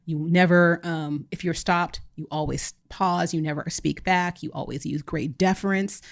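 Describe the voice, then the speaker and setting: A woman in her thirties, co-hosting a podcast, telling a family story in a casual, animated way and acting out the quoted lines. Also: lowish voice, moderate pace, gravelly. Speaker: podcast co-host.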